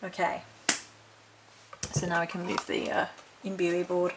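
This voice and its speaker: A woman's voice: lowish voice, monotone, measured pace, pauses often, noisy background. Chatty woman rambling through a haul. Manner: chatty and rambling, reading notes aloud from a book. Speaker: witchcraft vlogger. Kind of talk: casual chat showing a haul.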